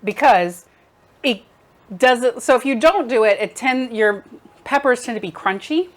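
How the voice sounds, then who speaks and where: A woman's voice: on the high side, expressive, a little slow. Chatty woman vlogger at her kitchen table. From United States. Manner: chatty, laughing often, talking with mouth full. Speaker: vlog co-host cooking for a friend. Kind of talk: casual chat over a meal. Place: home kitchen.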